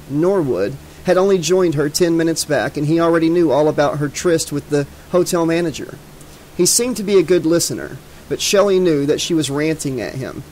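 A man reading a horror novel aloud in a measured, dramatic way. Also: on the high side, darkish tone, a little hiss or hum, rough recording. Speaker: audiobook narrator. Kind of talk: scripted narration.

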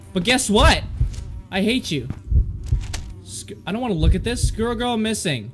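A man's voice: high-pitched, sing-song, a little slow, long pauses, fairly bright tone, faint music behind. A man commenting on a horror game he is playing, jumpy and swearing, yelping in fright and joking to his viewers and the game. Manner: jumpy, swears a lot, yelps and panics; jokey self-talk to viewers and the game. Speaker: gaming channel host.

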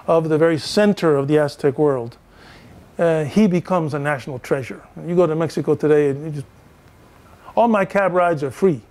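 An older male professor gives a lecture in a fairly high voice. He tells animated stories and acts out the dialogue in them. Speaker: professor giving a talk. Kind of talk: storytelling lecture.

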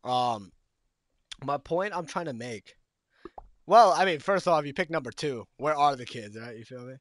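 Excitable young streamer guy, lively pitch. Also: normal speed, no room sound, studio quality. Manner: excitable slangy banter, yelling at gameplay. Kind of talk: live gaming stream chat.

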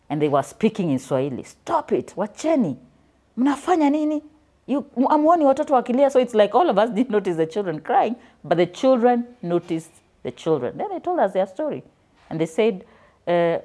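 A woman's voice: sits low, mellow. A middle-aged woman with a Kenyan accent telling a personal story as an author and storyteller guest, earnest and often restarting her sentences. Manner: earnest, with frequent restarts and rising emphasis.

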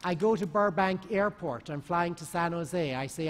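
High-voiced man speaking in a hall. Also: a little fast, hardly any pauses. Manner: lively, rhetorical questions to the audience. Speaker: conference speaker. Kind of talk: talk to a live audience. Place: large conference hall. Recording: long hall reverb.

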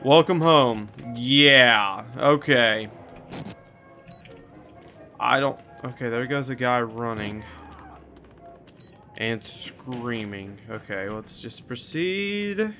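A man giving frantic commentary while playing a horror game, swearing and shouting at what chases him. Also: medium pitch, very slow, long pauses, faint music behind. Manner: panicky, swearing, yelling at enemies. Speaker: gaming video creator.

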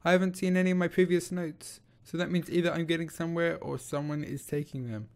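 A man's voice: fairly high pitch, fairly even intonation, fast, darkish tone. A young man nervously narrating his own horror game playthrough, talking to himself and asking the same questions again and again. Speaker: gaming YouTuber. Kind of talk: horror game let's play commentary.

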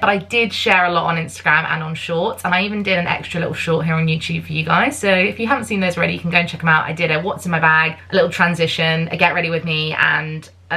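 A woman's voice: on the low side, pushed and bright. A woman in her thirties from the UK, chatting casually to camera in a bubbly, filler-filled way. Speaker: vlogger.

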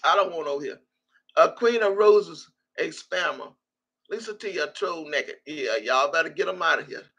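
A woman's voice: sits low, animated, a bit bright, breathy edge. Brash, profane woman streamer. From Texas. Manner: brash, profane, quick to laugh. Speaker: livestream host. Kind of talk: casual livestream chat, reading comments aloud.

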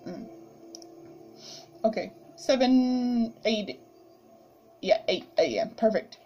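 A woman's voice: a little high, takes it slowly, long pauses, muffled recording. A woman chatting casually while playing a game, giggling, yawning and talking to the characters on screen. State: sleepy, yawning. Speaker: gamer. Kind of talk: casual gameplay commentary.

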